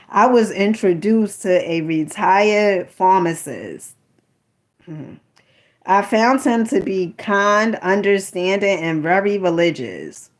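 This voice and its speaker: A woman reading a book aloud to her listeners, stopping often to add sassy, chatty remarks, calling them honey. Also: medium pitch. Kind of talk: casual commentary while reading aloud.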